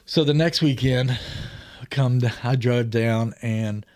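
A man in his forties chats in a studio as a podcast guest, at an ordinary middle pitch for a man. His personal storytelling rambles loosely from one thing to the next, full of restarts and "you know"s, and laughs break into it often. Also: a little slow, darkish tone.

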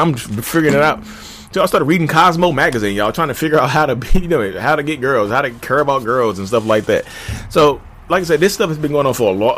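A man in his thirties hosting a podcast, telling his own story in a candid, conversational way and calling his listeners "y'all". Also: slight background noise. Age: 30s. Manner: jumps to shouting pitch when reenacting arguments. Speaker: podcast host. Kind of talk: personal storytelling monologue.

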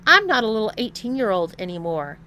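A woman doing an indignant young man, loud. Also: medium pitch, big pitch swings, fairly quick, a little hiss or hum. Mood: indignant protest. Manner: protesting, loud and defensive.

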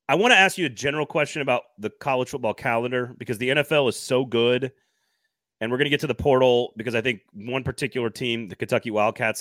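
A man's voice: mid-range voice, a bit bright, dry recording, studio quality. A man hosting a casual sports podcast, thinking aloud and hedging his points. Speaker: podcast host.

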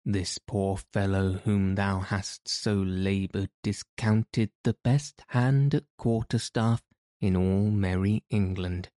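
A man's voice: fairly low pitch, mellow, dry recording, clean studio sound. A man reading the part of a merry, laughing outlaw leader in an old-fashioned storybook. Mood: jovial. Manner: cheerful, laughing, archaic speech. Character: Robin Hood, merry bold male outlaw leader. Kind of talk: audiobook character reading.

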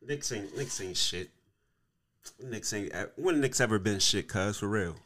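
A man in casual sports chat on a podcast, loose and slangy, dropping to a mutter and then rising into loud bursts. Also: fairly low pitch, lively intonation, measured pace.

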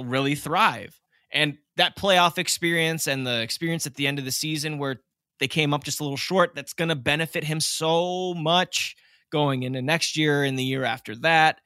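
A man hosting a casual sports podcast, animated and opinionated, laughing often. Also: medium pitch, no echo, clean studio sound. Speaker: podcast host.

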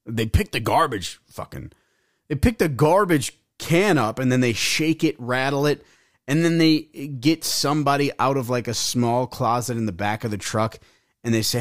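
A young podcast host tells a rambling, profane story in casual chat, acting out the voices of the people involved. His medium-pitched voice moves at normal speed, captured dry and clean on a podcast mic in studio conditions.

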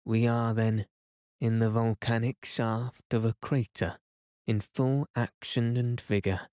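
A man voicing a frightened young explorer who pleads in agitated questions, in a soft reading voice. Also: medium pitch, level tone, takes it slowly, dry recording, studio quality, close to an everyday voice. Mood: alarmed.

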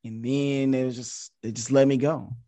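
Man in his thirties, podcast guest, casual animated storytelling, mid-pitched voice, dry close mic. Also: moderate pace, no echo. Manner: animated, jumps high in pitch when quoting himself. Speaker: podcast guest, social media influencer.

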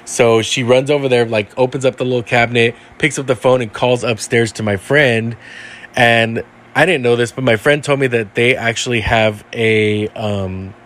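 A man's voice: mid-range voice, fairly even intonation, normal speed, fairly bright tone. A man casually telling a ghost story he heard from a friend, rambling with lots of fillers. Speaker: guest storyteller.

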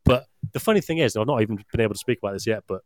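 Rambling man, deep voice. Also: expressive, very fast, no echo, studio quality. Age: young adult. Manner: rambling storyteller, swears casually. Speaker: podcast regular. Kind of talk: casual podcast chat.

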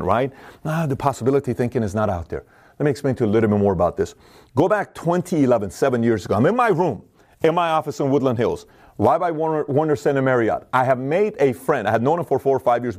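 A middle-aged man talks quickly in a motivational monologue, voice of middling pitch. He is energetic and repeats his phrases, and he acts out the voices of people in his stories. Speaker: motivational speaker. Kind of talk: fast motivational monologue to camera.

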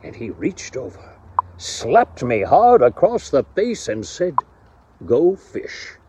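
A man's voice: mid-range voice, huge pitch swings, slow, mellow, slight background noise. A man delivering a grand, mock-solemn story as a recorded guest message.

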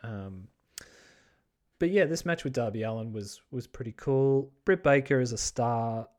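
An excitable man hosts a podcast on his own, his voice sitting at an ordinary middle pitch. He talks casually and fast to think, swearing freely and restarting his sentences with lots of ums and uhs. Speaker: podcast host. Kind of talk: casual solo podcast chat.

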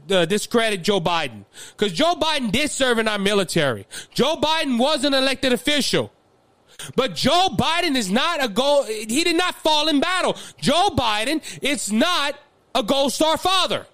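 A man's voice: extremely high pitch, bright, forceful tone, no echo, studio quality. A man with a Louisiana accent hosting a political commentary show, impassioned and fiery, often repeating words as he builds steam. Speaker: podcast host.

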